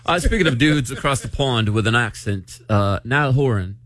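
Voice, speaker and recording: A man's voice: medium pitch, moderate pace, no room sound. A man hosting a morning radio show, bantering playfully and leading each segment. His voice rises and falls a lot as he talks. The studio sound is close and dry. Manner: playful, animated, leads segments.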